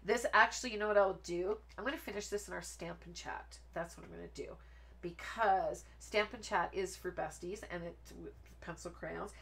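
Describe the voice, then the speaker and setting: A woman's voice: on the low side, normal speed, vocal fry, fairly bright tone. A woman hosting a card making live stream, chatting in a rambling, friendly way and laughing often while she works. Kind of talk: casual live stream chat while crafting.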